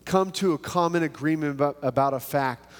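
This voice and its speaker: A man's voice: a little high, brisk, long reverb tail. A man preaching a sermon in a casual, self-mocking way, acting out little prayers and conversations. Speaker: pastor.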